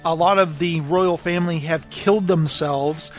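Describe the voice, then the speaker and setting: Man, podcast co-host, high voice, animated book recap, acts out the quotes. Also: moderate pace, faint music behind. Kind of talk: casual book discussion.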